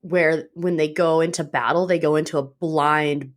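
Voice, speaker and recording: A woman's voice: low voice, moderate pace. A woman co-hosting a podcast, chatting casually and energetically as she retells a book's plot and swears freely. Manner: animated, swearing, retelling plots with quoted voices. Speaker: podcast co-host. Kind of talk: casual chat recommending books.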